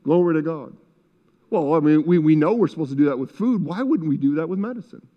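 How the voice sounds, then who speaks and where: A man's voice: a little high, fast talker. A middle-aged male pastor preaching a sermon in a church, fervent and repetitive, breaking into spoken prayers. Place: church sanctuary. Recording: muffled sound with long hall reverb.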